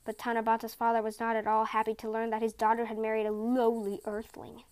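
Brief: female storyteller, calm and expressive, slightly high voice, reading a folktale. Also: fast, hardly any pauses. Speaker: podcast storyteller.

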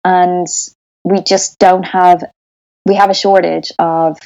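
A woman's voice: lowish voice, little pitch movement, slow pace, creaky, dark tone, lo-fi sound. Chatty Irish woman, sound engineer. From Ireland. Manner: chatty, with frequent restarts and laughter. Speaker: sound engineer, interview guest. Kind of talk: casual interview.

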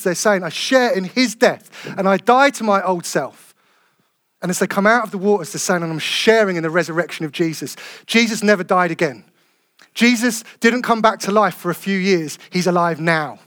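High-voiced preacher in church. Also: male voice, dry recording, studio quality. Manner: passionate, builds to loud calls then drops soft. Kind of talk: sermon.

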